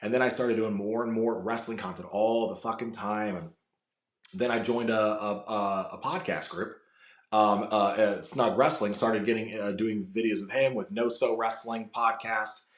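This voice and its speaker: Recorded in an echoey room, a wrestling content creator from the United States rambles through sweary stories as a podcast guest in a casual interview chat. He speaks at normal speed with a lowish voice and steady tone.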